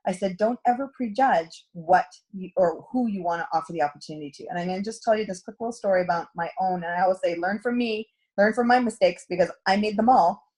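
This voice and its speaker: A woman's voice: medium pitch, quick pace, few pauses, a little mellow, husky. A middle-aged woman coaching a direct sales team in a chatty storytelling talk, acting out quoted dialogue. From Canada.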